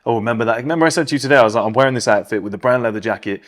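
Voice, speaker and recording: A man with a neutral British accent, co-hosting a casual podcast and telling stories in a blunt, animated way full of "like" fillers. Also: mid-range voice, very fast. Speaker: podcast co-host.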